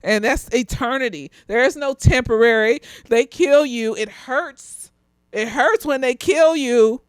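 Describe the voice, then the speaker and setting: A woman's voice: high-pitched, measured pace, clean tone, no room sound. A slightly tipsy woman, animatedly reviewing a TV show in casual chat, laughing often and swearing freely.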